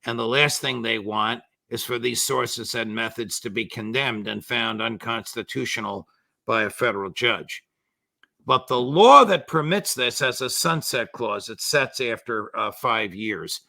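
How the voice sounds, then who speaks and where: An older man, a former judge, giving measured but indignant political commentary with sarcastic asides. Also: mid-range voice, vocal fry, pushed and bright, no room sound.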